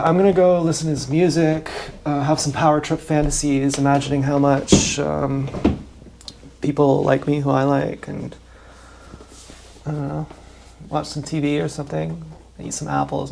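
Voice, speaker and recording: A man's voice: fairly high pitch, little pitch movement, normal speed, creaky, darkish tone, a little hiss or hum. A man livestreaming a rambling, profane, meandering monologue with emphatic bursts.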